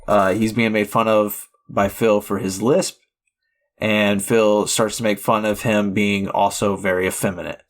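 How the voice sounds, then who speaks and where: A man co-hosting a podcast chats about films in a fairly low voice, keeping a level tone and talking a little slowly. The discussion wanders, with frequent fillers and restarted sentences.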